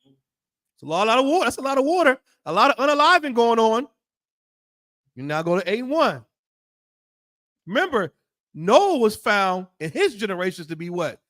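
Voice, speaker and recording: A man's voice: very high voice, sing-song, moderate pace, pauses often, fairly bright tone. A man teaching a Bible law class in a blunt, profane preaching style full of rhetorical questions. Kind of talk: fiery preaching lesson.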